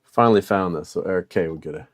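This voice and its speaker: A man's voice: low voice, fast. A middle-aged man chatting casually about old toys from his collection, rambling with lots of fillers and chuckles, on a portable mic. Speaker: toy collector vlogger. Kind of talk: casual unboxing chat.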